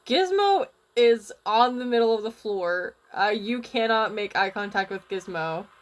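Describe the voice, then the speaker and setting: A woman's voice: fairly high pitch, lively intonation. Young woman game master, casual. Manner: casual, halting, with fillers. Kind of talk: narrating a tabletop game.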